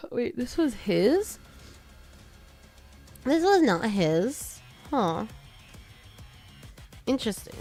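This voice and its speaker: A woman's voice: high voice, sing-song, drawn-out words, long pauses, a little mellow, soft background music. A young woman streamer with a slight Texan twang, chatting casually with her viewers while she works, self-deprecating and laughing often.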